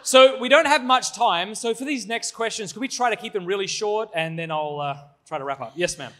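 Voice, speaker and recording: A man's voice: sits high, fairly quick, a bit bright, slight background noise. A man giving a live conference talk and answering audience questions in a candid, joking, self-deprecating way. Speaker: conference speaker. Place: conference hall before an audience.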